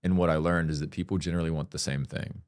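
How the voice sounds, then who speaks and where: A man's voice: a bass voice, level tone, fast, darkish tone, dry recording, studio quality. A man speaking as a podcast guest in a casual interview, blunt and candid, swearing freely and talking with earnest emphasis.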